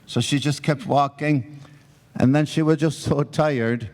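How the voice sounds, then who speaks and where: A man telling humorous old-country folk stories in an unhurried way. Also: on the high side, steady tone, darkish tone. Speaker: storyteller. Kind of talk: folk storytelling.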